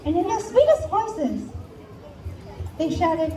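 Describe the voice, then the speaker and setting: High-pitched animated woman storyteller. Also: moderate pace, highs cut off, slight background noise. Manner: animated, playful, sing-song narration. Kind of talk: live theatrical storytelling. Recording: far-off echoey live recording with music and crowd.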